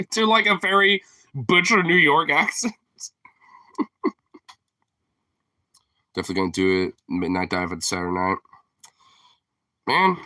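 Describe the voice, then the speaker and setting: A man's voice: fairly low pitch, pushed and bright, dry recording. A man in casual chat who rambles, swears freely, leans heavily on filler words and laughs often as he talks. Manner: rambling, profane, heavy on fillers; laughs often while talking. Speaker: streamer host.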